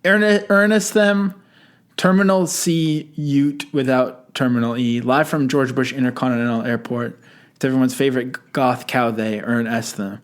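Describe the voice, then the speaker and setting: A man's voice: mid-range voice, moderate pace. A man hosting a podcast in casual chat, rambling and joking as he introduces songs. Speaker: podcast host.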